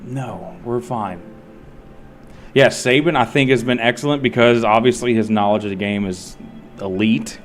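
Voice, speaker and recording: A man's voice: mid-range voice, moderate pace, soft background music. A man streaming a game and chatting casually, rambling and swearing freely. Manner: rambling, profane, laid-back. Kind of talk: casual chat while gaming.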